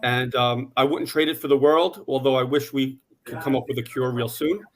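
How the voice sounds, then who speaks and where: A man in his forties telling his personal story on a panel in a steady, plain way, with some "uh" fillers. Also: medium pitch, moderate pace. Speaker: conference panelist.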